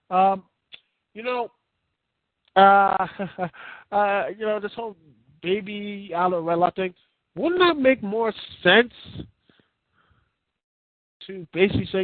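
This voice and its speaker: A man's voice: high voice, no echo. A man giving a casual, rambling rant as a wrestling reviewer, incredulous and full of restarts. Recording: tinny phone-like sound.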